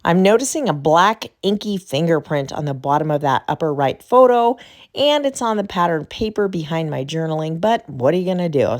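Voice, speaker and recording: A woman's voice: on the low side, darkish tone. A middle-aged woman hosting a crafting channel, chatting through her choices in a casual step-by-step tutorial. Her voice is still recovering from an illness.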